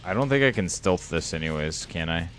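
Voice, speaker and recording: A man in his thirties, with a low, expressive voice, talks briskly to viewers during a live game stream as faint music plays behind him. He's earnest and openly emotional, rambling through a casual chat.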